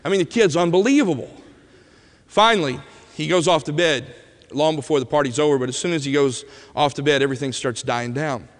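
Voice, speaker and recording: A man preaching a sermon as an animated storyteller who swings from loud bursts to hushed moments, in a church sanctuary. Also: fairly high pitch, brisk, long reverb tail.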